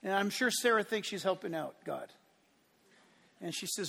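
A man preaching a sermon, telling the story with lively acted-out voices and building to impassioned peaks. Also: sits high, normal speed, creaky, long pauses, slightly rough, big-room sound. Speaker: pastor.

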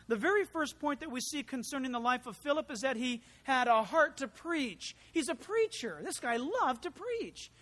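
A pastor preaching a verse-by-verse Bible study sermon, with animated storytelling and humorous asides. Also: high-pitched, normal speed, hardly any pauses, in a large hall. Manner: acts out quoted voices.

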